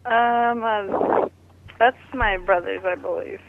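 A man's voice: high voice, steady tone, takes it slowly, gravelly, background noise. A man answering a prank call, guarded and hesitant in his replies. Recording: tinny phone line.

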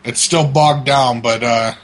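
A man's voice: medium pitch, fairly even intonation, a little slow. A man hosting a prank-call show, telling stories casually, laughing and cursing a lot, on a computer mic. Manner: profane, laughing storyteller. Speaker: podcast host. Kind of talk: casual chat, prank calling.

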